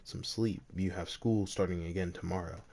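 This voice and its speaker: A man reading as a caring middle-aged mother. She speaks softly and consolingly, in his low, gravelly voice. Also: steady tone, normal speed. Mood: gentle. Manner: soft, consoling. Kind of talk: storytelling.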